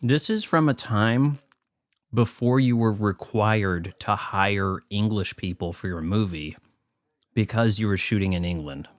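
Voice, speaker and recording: A man's voice: fairly low pitch, measured pace, dry recording. A man giving casual movie watch-along commentary, riffing sarcastically in a rambling way. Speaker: film commentator.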